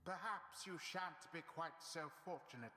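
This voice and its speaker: A solemn otherworldly game voice. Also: male voice, a little high, expressive, normal speed, pushed and bright. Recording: echoey game audio with long reverb and music.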